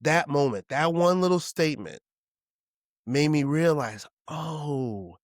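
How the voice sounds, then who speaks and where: A man in his forties hosting a solo podcast, talking candidly and emotionally, swearing casually, restarting often with his pitch swinging widely. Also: lively intonation, a little slow, dry recording, clean studio sound. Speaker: podcast host.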